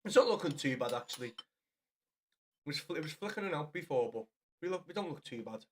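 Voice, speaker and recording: Man streaming a football game, slightly high voice, chatty and sweary. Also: animated, fast, a bit bright, a little hiss or hum. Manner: chatty, swears a lot, calls viewers lad. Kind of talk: casual live-stream chat.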